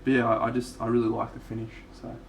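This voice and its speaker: An Australian man talks through his painting session live, relaxed and chatty, swearing freely as he goes. His voice has a gravelly edge and sits in a middling range. The sound bounces around an echoey room with a faint hum underneath. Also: medium pitch, fast. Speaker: miniature painter streaming live. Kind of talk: casual live-stream chat.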